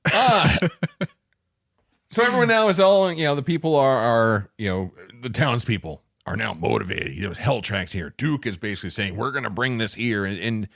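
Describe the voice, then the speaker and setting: A man's voice: on the low side, normal speed, gravelly, no room sound, clean studio sound. A man co-hosting a casual movie podcast who rambles, jokes and slips into little voices. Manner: rambling, animated, fond of doing voices. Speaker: podcast co-host. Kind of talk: casual movie-review chat.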